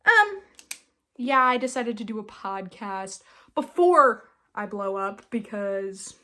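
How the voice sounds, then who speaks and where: Young woman just rambling on her podcast from bed, bright kinda high voice, slow easy talker. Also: big pitch swings. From Utah. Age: young adult. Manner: chatty, self-mocking, slips into silly voices and whispers. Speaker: podcast host. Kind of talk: casual solo podcast chat. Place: her bedroom.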